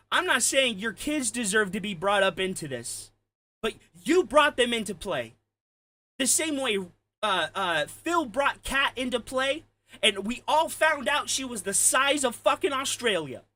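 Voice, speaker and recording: Man, angry ranting commentary, profane, heated, sharp forceful tone, dry close sound. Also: very high-pitched, dry recording. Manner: heated, profane, shouting at times. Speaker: commentary streamer.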